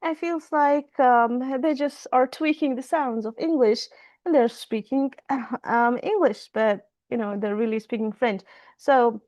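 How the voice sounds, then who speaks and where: A woman's voice: fairly high pitch, measured pace, darkish tone, no echo. A woman teaching French in an online class over a video call, repeating phrases and switching between French and English.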